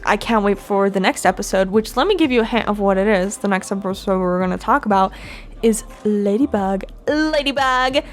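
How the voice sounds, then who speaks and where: A woman's voice: mid-range voice, moderate pace. A woman hosting a casual fan commentary video, chatty and giggly, laughing often as she talks. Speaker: fan channel host.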